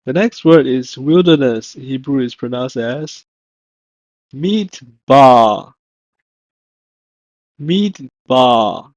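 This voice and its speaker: A man teaching a recorded language lesson, slow and deliberate, carefully repeating each word he pronounces. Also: medium pitch, dark tone, no room sound. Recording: dull, dry lo-fi audio.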